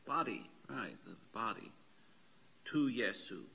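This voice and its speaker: A man's voice: on the low side, animated, slow, vocal fry, sharp tone, slight background noise. A man teaching a classroom lesson on Bible Greek in a church classroom, patiently spelling out letters and parsing words aloud.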